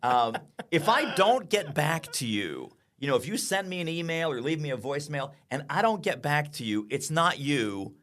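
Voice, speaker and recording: Animated, bright-voiced male podcast guest. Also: fairly high pitch, moderate pace, few pauses. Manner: energetic, acts out clients' lines in quoted voices. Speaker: sales consultant and author, podcast guest. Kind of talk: animated interview talk.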